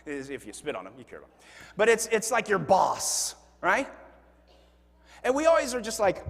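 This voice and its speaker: A man's voice: high-pitched, normal speed. A man preaching a sermon as pastor, telling funny stories with acted-out quotes and poking fun at himself. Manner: animated storytelling with acted-out quotes; self-deprecating humor. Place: church sanctuary. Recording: long hall reverb. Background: congregation laughing.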